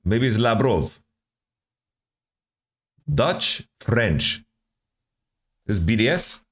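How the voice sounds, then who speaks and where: A man's voice: on the low side, very animated, very slow, husky. A man streaming, thinking aloud as he guesses team rosters from player nationalities, often repeating words. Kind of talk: casual stream commentary.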